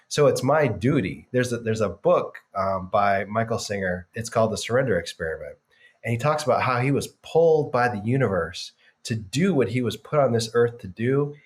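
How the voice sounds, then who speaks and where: A man guest on a podcast, earnestly reflecting on his work as a business coach, stressing key words and chuckling now and then. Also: lowish voice. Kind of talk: casual podcast interview.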